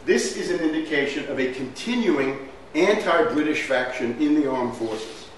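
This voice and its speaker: A man's voice: a little high, animated, normal speed. A man lecturing, emphatic and fond of rhetorical questions, recorded from far off in a strongly echoing hall. A faint room hum sits under his mid-range voice. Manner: emphatic, asks rhetorical questions, says "right?" often. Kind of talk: historical lecture with slides.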